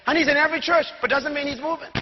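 A man preaching a sermon to a congregation, shouting and leading call-and-response. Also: very high voice, fairly even intonation, very fast, muffled recording, slight background noise. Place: church before a congregation.

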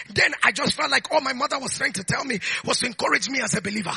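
Man, sermon preacher, shouted declarations, very gravelly, bright tense tone. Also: very high-pitched, fast talker, hardly any pauses, no room sound. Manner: soft storytelling while recounting a memory.

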